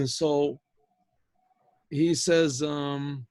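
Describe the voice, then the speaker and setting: An older man, a rabbi, telling a rambling, animated story over a video call. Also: on the high side, moderate pace, no room sound.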